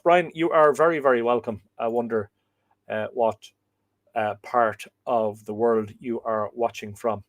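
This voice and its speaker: A middle-aged Irish man hosting a live stream, reading out viewer comments in a hesitant, thinking-aloud way with many pauses and fillers. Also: mid-range voice, fairly even intonation. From Ireland. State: dry throat, coughing. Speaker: host of a live myth reading show.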